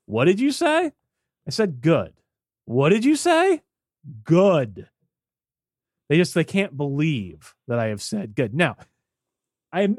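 A man's voice: a little high, no room sound, clean studio sound. A man on a podcast telling a story in casual chat, acting out the voices in it. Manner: animated, acts out voices in quotes. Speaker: podcast co-host.

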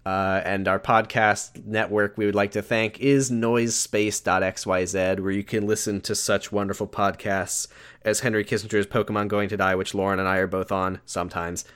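A man's voice: on the low side, flat delivery, normal speed, a bit bright, smooth. A man co-hosting a podcast, running through plugs and thanks in a casual, rambling chat. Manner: rambling, laughs between plugs. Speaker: podcast co-host.

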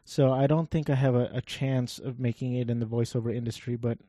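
A man giving rambling, wry gameplay commentary in a flat, monotone voice, swearing offhandedly as he talks. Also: mid-range voice, a little fast, dry recording, clean studio sound.

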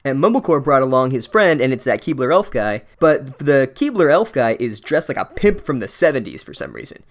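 A man's voice: mid-range voice, sing-song, fairly quick. Sarcastic swearing man recapping a book. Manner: sarcastic, profane, rambling with many "like"s. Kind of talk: comedic chapter recap.

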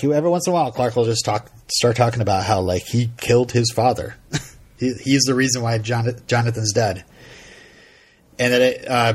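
A man talking casually as a podcast co-host, recapping a show in a loose, meandering way. His voice is a little husky and breathy, at a middle pitch, and he keeps stopping to restart his sentences with ums and uhs. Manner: rambling, halting, with frequent fillers and laughs. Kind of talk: casual episode recap chat.

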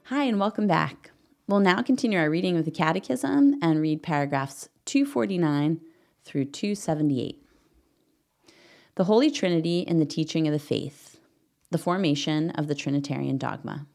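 Low-pitched middle-aged woman, podcast host; earnest, gentle prayer and teaching read. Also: expressive, normal speed, vocal fry.

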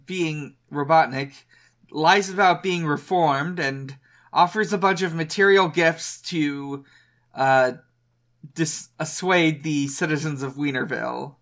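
A man's voice: fairly high pitch, takes it slowly, fairly bright tone. A man co-hosting a casual podcast, recapping an episode with many fillers and restarts. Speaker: podcast co-host. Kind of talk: casual chat.

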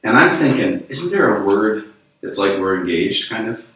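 American man, very low voice, chatty storyteller, echoey room, mic at a distance. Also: sing-song, normal speed, fairly bright tone. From United States. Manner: rambling storyteller, lots of fillers. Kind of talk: casual conversation.

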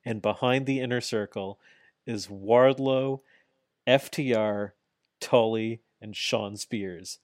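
A podcast co-host with a fairly low, slightly mellow voice talks at a slow pace in a studio-quality recording with no echo. In casual chat recapping wrestling, he animatedly retells events, acts out quotes, and swears now and then.

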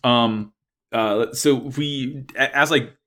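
A man's voice: mid-range voice, steady tone, takes it slowly, fairly bright tone. A man recapping a plot in casual chat, rambling with lots of fillers and swearing. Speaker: podcast co-host recapping an anime.

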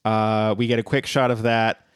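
A man's voice: fairly low pitch, little pitch movement, normal speed, clear, resonant tone, no room sound. A man co-hosting a podcast, recapping an episode in casual, dry chat. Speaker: podcast co-host.

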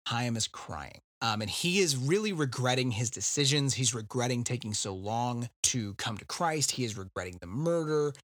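A man's voice: mid-range voice, animated, moderate pace, hardly any pauses, fairly bright tone, no echo, clean studio sound. A man hosting a casual book discussion podcast, recapping chapters with wry asides. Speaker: podcast host.

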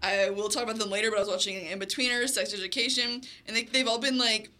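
A woman's voice: a little high, fairly even intonation, fast, sharp tone. A young woman from the American South, gushing about shows in casual chat. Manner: enthusiastic, gushing.

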